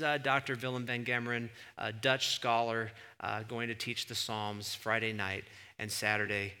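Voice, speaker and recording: Bright, animated male pastor. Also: medium pitch. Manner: animated, conversational, acts out quotes. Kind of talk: sermon.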